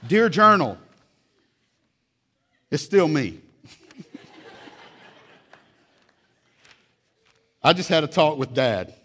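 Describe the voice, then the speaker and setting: A man's voice: fairly high pitch, very animated, measured pace, sharp tone, voice pushed up, full character voice. A man voicing a young child reading a dramatic journal entry, whining and pleading about dessert. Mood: melodramatic. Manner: pleading, melodramatic sing-song.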